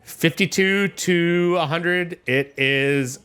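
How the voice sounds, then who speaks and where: A man's voice: fairly high pitch, takes it slowly, pushed and bright, clean tone. A man narrating a tabletop game as game master in a playful way, laughing often.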